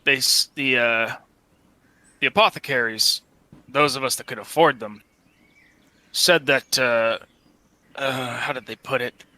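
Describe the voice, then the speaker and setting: Brief: man playing a plain-spoken hired gun for a tabletop game, halting folksy delivery, very bright voice, dry close sound. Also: medium pitch, steady tone, no echo. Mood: musing. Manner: halting, folksy, full of pauses. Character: weathered male mercenary, blunt and practical. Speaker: game master voicing a character. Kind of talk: tabletop role-play character voice.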